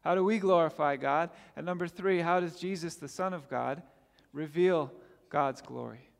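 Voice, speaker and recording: A man with a high-pitched voice preaches a sermon with earnest emphasis and lifts his voice on his questions. The long reverb of a church hall trails after each phrase. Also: moderate pace, gravelly. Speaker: pastor. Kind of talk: sermon with scripture reading.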